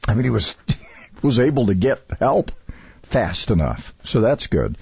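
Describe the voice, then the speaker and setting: A husky-voiced man hosts a talk radio show, rambling from story to story with lots of ums and restarts. The sound is dry and dull, as if heard over the air. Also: medium pitch, sing-song, measured pace, a little mellow, no echo. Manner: rambling, self-interrupting, chatty with many fillers. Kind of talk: casual talk radio chat.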